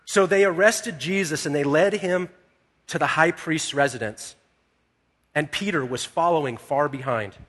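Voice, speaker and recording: A man's voice: fairly high pitch, a bit bright, husky. A man preaching a sermon as a pastor, telling the story in a conversational way and acting out the dialogue. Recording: echoey hall with long reverb.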